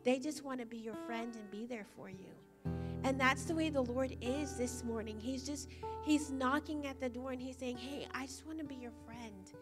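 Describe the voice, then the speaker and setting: High-voiced woman preaching casually. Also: moderate pace, loud music behind the voice. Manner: chatty storytelling, frequent "like". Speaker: church leader. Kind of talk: casual sermon. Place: church service.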